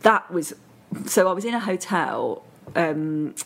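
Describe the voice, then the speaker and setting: A woman's voice: fairly low pitch, expressive, takes it slowly. A northern English woman chatting as a podcast guest, telling stories with plenty of fillers and restarts. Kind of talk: casual chat.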